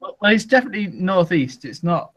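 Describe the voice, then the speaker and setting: A man's voice: high-pitched, very animated, fairly quick, fairly bright tone, rough recording. A man chatting casually in a group talk, hesitant and full of restarts. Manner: hesitant, lots of ums and restarts. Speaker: podcast co-host. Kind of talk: casual group chat over a call.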